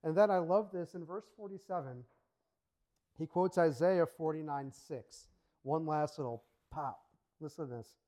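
A male pastor giving a sermon in a casual, animated storytelling manner. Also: a little high, a little slow, poor audio.

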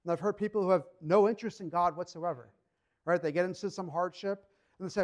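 A man's voice: sits high, fairly even intonation, quick pace. A man preaching a sermon in a conversational, emphatic way, acting out short quotes as he goes. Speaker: pastor.

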